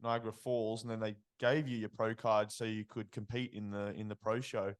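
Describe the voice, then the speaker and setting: A man's voice: lowish voice, level tone, moderate pace, smooth. Casual male podcast host. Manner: brief agreeing replies, leads with recaps. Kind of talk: interview questions, casual.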